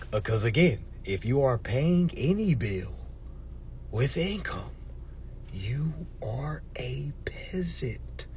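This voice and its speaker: A man delivering a casual, preachy rant to his viewers, swearing freely, tagging his points with "all right?" and swinging between murmurs and shouts. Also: fairly high pitch, a little hiss or hum. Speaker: social media commentator. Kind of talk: casual ranting monologue.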